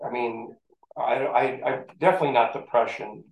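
A middle-aged man, a former football player telling animated stories from his playing days in a casual interview. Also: medium pitch, fairly quick. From St. Catharines, Ontario, Canada. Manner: animated storyteller who acts out the voices in his story. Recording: echoey room.

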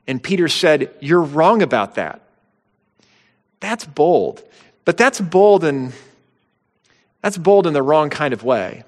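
A man preaching a sermon in an earnest, emphatic way, pressing his stresses higher as he drives points home. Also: animated, measured pace, pauses often. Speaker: pastor. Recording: long hall reverb.

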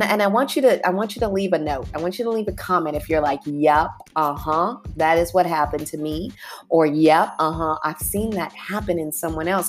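An animated woman hosts a motivational podcast and talks listeners through slow breaths in a colloquial, encouraging way. Her voice sits fairly low. Faint music plays underneath her. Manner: warm, animated, colloquial with "y'all" asides. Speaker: podcast host.

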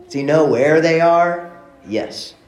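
A man from East Texas preaching a sermon in a casual, animated, joking way. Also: fairly high pitch, slow pace, reverberant. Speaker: pastor.

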